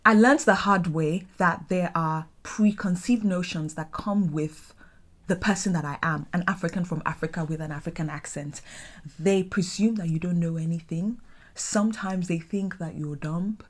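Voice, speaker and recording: A young woman from Nigeria with a Nigerian accent, talking in an animated, dramatic, exclamatory vlog style. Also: fairly low pitch, moderate pace. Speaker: vlogger. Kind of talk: casual vlog talk.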